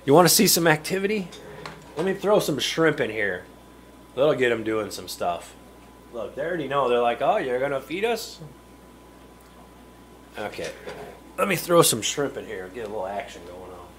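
Livestreaming casually from his home fishroom, a middle-aged host rambles through replies to viewer chat, chuckling occasionally. He speaks at a moderate pace in a medium-pitched voice with lively intonation, and there's slight background noise.

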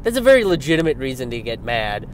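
A young man rants about politics in a sarcastic, profane way, his pitch sitting in the middle range. Now and then he mocks other people in put-on voices. Faint traffic noise from outdoors sits behind him. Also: big pitch swings, fast talker. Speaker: political commentary host. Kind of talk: ranting political commentary.

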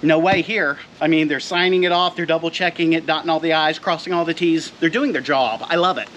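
A man's voice: on the high side, steady tone, a little fast, fairly bright tone, a little hiss or hum. A middle-aged man doing a jokey unboxing vlog outdoors by his car, hyping the product and talking straight to his viewers. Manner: playful hype, talks straight to viewers. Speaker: vlogger reviewing gear.

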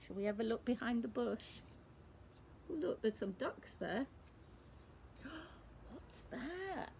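A woman from a nursery, reading a picture book aloud to young children, in a warm sing-song manner with questions to the listeners. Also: fairly high pitch, moderate pace, creaky, slight background noise.

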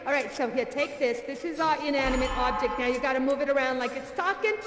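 A woman's voice: high voice, fast, natural voice. An actress playing a bubbly, gushing showgirl dancer who hosts a live variety show and keeps breathlessly thanking her guests. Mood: playing along. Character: bubbly effusive female showgirl dancer host. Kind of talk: live virtual reality theater performance. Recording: echoey hall with faint music.

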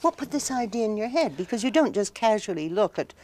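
A woman hosts a television interview and puts brisk, probing questions to her guest. Her voice sits at an ordinary pitch, with a mellow, warm tone. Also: sing-song. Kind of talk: broadcast interview. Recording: TV studio interview from 1983.

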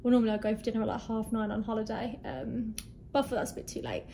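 A young woman in her twenties chatting excitedly in a casual travel vlog, a little out of breath, showing off her hotel room. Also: on the high side, quick pace, gravelly, a little hiss or hum. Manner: chatty, bubbly, easily excited. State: slightly out of breath. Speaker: vlogger. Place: hotel room in hot weather.

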